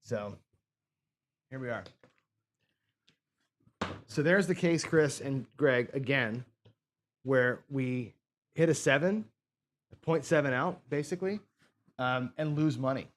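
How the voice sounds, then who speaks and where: A man's voice: medium pitch, slow, long pauses. A man hosting a live craps stream in casual chat, frustrated and self-deprecating, swearing and scolding himself over his mistakes. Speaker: craps show host.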